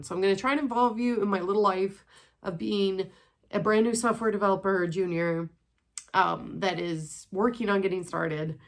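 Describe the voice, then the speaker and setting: A woman's voice: mid-range voice, steady tone, normal speed. A woman in her twenties talking casually in a rambling vlog while walking on a treadmill at home. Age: 20s. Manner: chatty, rambling, sprinkled with swearing. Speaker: vlogger.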